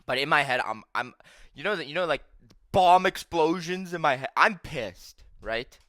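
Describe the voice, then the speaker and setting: A young man telling stories on his vlog in a casual, profane, animated rant. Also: on the high side, normal speed, no room sound. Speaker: vlogger.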